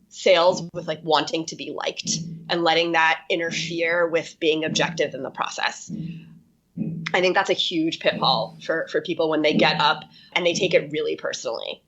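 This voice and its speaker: A woman's voice: low-pitched, fairly bright tone, muffled recording. A woman chatting frankly and thoughtfully on a podcast. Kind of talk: casual podcast chat.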